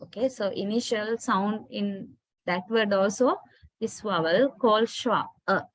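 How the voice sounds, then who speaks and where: In her English pronunciation lecture, a patient woman spells out words and frequently checks in with the class by asking "right?" It's a slow classroom talk in a mid-range, unhurried voice, free of room sound.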